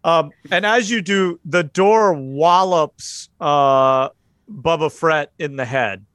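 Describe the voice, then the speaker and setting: Rambling game master, slightly high voice. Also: male voice, slow pace, no room sound. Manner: relaxed, rambling narration with fillers. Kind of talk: narrating a tabletop horror game.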